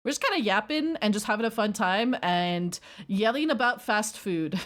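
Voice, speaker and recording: A woman's voice: mid-range voice, lively intonation, normal speed, a bit bright. A woman streamer chatting casually and rambling while reacting to her chat. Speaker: livestreamer.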